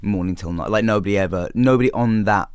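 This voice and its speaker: A man's voice: on the low side, fast talker, clean tone, dry recording, studio quality. A young man with an English accent, chatting as a guest in a loose, rambling way with many restarts. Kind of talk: casual interview chat. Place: studio.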